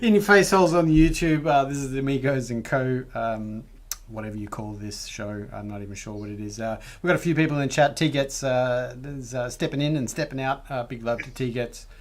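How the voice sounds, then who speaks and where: A man hosting a casual live chat show, rambling and halting with lots of fillers. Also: medium pitch. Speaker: show host.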